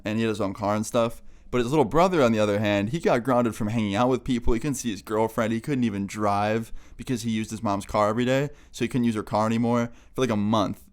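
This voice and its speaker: A man's voice: lowish voice, fast, few pauses. A young man vlogger telling a funny story in a casual, laughing, swear-filled way.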